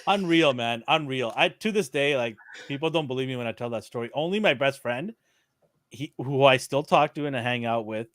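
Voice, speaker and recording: A man co-hosting a podcast, telling a story in casual chat, animated and laughing, acting out the quotes. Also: medium pitch, fairly quick, no echo, clean studio sound. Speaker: podcast co-host.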